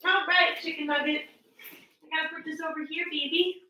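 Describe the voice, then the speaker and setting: A woman's voice: high-pitched, steady tone, a little fast, bright, forceful tone. A woman hosting a casual livestream with her pet parrot, cooing baby talk at it and thanking viewers. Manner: coos baby talk to her bird, laughs often; reads out and thanks viewer comments. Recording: echoey room.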